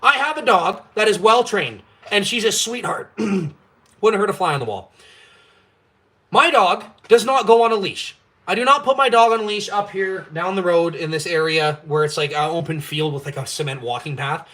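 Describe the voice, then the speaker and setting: A man's voice: high voice, animated, moderate pace, pushed and bright. A young man from Canada hosting a live stream, ranting in a blunt, profane, fired-up way. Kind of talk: ranting casual chat.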